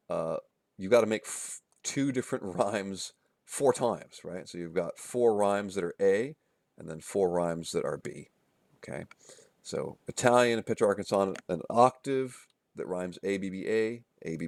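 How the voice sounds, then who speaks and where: Male literature teacher, very low voice, dry close sound, casual lecture with lots of "um" and tag questions. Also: darkish tone, dry recording. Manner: casual, many fillers and restarts, checks in with "okay?" and "right?"; chants rhythms and rhyme schemes aloud. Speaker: literature instructor. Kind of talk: recorded lecture.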